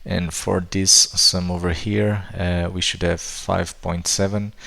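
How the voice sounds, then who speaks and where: Low gravelly man explaining code. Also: level tone, takes it slowly, pushed and bright. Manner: thinks aloud with frequent fillers and restarts. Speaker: programming tutor. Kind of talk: screen-recorded coding tutorial.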